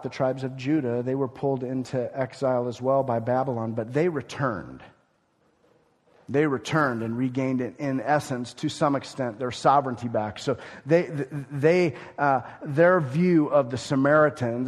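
A man preaching a Bible sermon, animated and conversational, often acting out the people he quotes. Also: medium pitch, moderate pace, in a large hall. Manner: animated, acts out quoted speakers.

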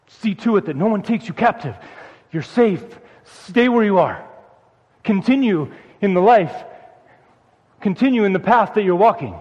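Male preacher, high pitch, earnest exhortation full of repeated phrases; dull, reverberant hall recording. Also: animated, normal speed, long pauses, a little mellow. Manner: earnest, repeats phrases for emphasis, rises when urging. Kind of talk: sermon.

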